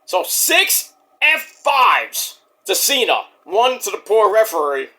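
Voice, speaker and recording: Guy recapping wrestling, high bright voice, swings all over the place, curses a lot. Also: slow pace. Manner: animated, swearing, acts out voices. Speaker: wrestling reviewer. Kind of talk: casual recap.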